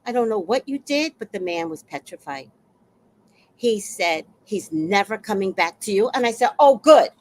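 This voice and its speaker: A woman in her sixties telling a story on a casual livestream, blunt and fiery, with sudden loud outbursts. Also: mid-range voice, lively intonation, normal speed. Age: 60s.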